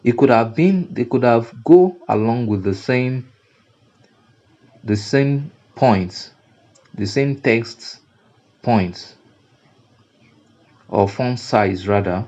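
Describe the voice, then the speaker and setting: A man's voice: mid-range voice, lively intonation, takes it slowly, long pauses, mellow, muffled recording. A man with a Nigerian English accent teaching graphic design over a screen recording, repeating and restarting phrases for emphasis. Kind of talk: screen-recorded software tutorial.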